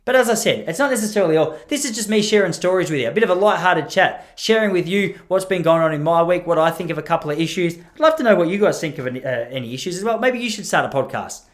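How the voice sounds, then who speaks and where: A young Australian man hosting a comedy podcast, telling stories in an animated way and acting out the people he quotes. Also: sits high, fast talker, hardly any pauses. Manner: animated, laughing, acts out quoted voices. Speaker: podcast host and teacher. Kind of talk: comedic storytelling monologue.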